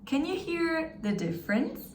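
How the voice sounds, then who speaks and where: A woman's voice: high-pitched, very animated, a little mellow, a little hiss or hum. Brief: encouraging woman language teacher, recorded a little off-mic in a roomy space. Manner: upbeat, encouraging, demonstrates sounds slowly. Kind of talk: step-by-step pronunciation lesson. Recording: echoey room, slightly distant mic, faint ambience.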